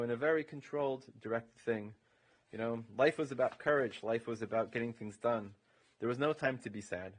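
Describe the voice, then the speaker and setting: Male rabbi, mid-pitched, informal funeral eulogy, meandering and full of fillers. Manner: informal and meandering, leaning heavily on "you know". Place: funeral home chapel.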